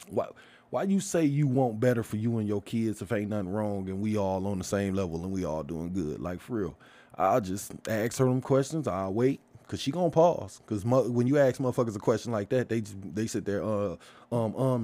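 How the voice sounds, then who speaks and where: Man vlogger, mid-pitched voice, blunt profane rant, heated rhetorical questions. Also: darkish tone, no room sound. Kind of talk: casual profane rant to camera.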